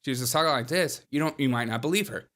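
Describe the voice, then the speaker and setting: A man's voice: mid-range voice, fast, a bit bright. A man hosting a podcast, giving opinionated casual commentary in a chatty, mocking way and laughing between points. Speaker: podcast host.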